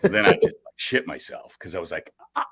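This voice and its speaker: Middle-aged male guest, low register, big swings in pitch; an animated storyteller who laughs often. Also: fairly quick, creaky, husky. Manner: animated storyteller, bursts of laughter, acts out quoted voices. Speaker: radio host guest. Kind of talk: storytelling in casual podcast chat.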